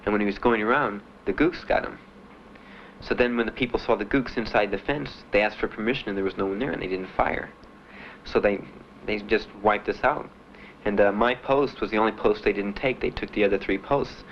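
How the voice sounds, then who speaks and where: A young veteran's spoken testimony comes through in a slightly low voice, plain and halting and full of pauses and fillers. The muffled, dull sound recalls an old 1970s archive tape, with a faint hiss underneath.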